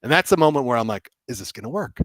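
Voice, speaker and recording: An excitable man tells a story on a podcast, his voice at a middle pitch and bouncing up whenever he plays out a scene. He restarts his sentences often and acts out the lines of the people in it. The sound is dry and close, with no room around him. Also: rapid-fire, no echo. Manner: excitable, acts out quoted dialogue, many restarts. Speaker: game developer guest. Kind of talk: animated storytelling in a podcast chat.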